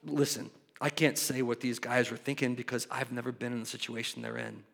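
A man preaching a sermon in an animated way, shifting from loud bursts to quiet asides. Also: mid-range voice, brisk, gravelly. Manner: animated, acts out voices, swings from loud to soft. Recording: long hall reverb.

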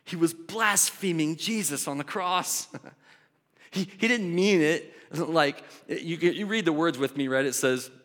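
Animated male preacher in a reverberant hall. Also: on the high side, a little slow. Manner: animated, acts out voices, swings from loud to soft. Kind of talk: sermon.

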